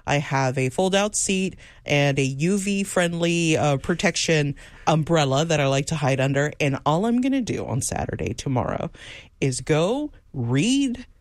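A woman's voice: sits low, a little slow, no room sound. A woman co-hosting a radio show, chatting casually and laughing often as she tells stories. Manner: laughs often, animated storytelling. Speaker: radio co-host. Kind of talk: casual on-air chat.

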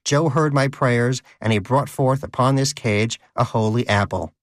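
A man's voice: mid-range voice, moderate pace, no room sound, clean studio sound, close to an everyday voice. A man voicing a pious, prim male pet rodent in a cage, earnest and indignant.

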